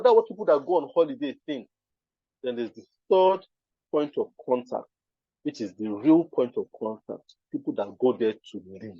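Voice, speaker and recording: A man's voice: medium pitch, expressive, moderate pace, mellow, breathy edge, dry recording, highs cut off. A man with a Nigerian accent giving an emphatic live talk at a design event, often checking that the audience understands. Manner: emphatic, keeps asking "you understand?".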